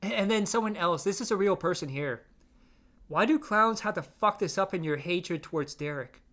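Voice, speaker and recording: A man's voice: sits high, expressive, moderate pace, fairly bright tone. Blunt man reading chat logs aloud. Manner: blunt, exasperated, crude asides. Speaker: drama commentary host.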